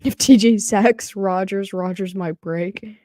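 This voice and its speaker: A woman co-hosting a live game reaction stream, calling plays with excitement and laughing often. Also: medium pitch, slow, no echo. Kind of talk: live play-by-play and casual reaction.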